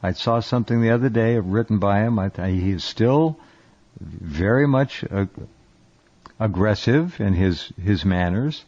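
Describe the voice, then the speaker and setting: A man hosting a radio talk show, casual and halting, often restarting his phrases. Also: fairly low pitch, a little mellow. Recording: dull lo-fi radio sound.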